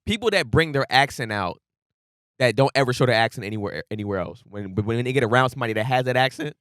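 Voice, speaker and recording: A man co-hosting a podcast, ranting in casual chat and acting out friends in loud bursts. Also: mid-range voice, quick pace, clean tone, no echo, studio quality. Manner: animated, ranting, acts out drunk friends with loud outbursts. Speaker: podcast co-host.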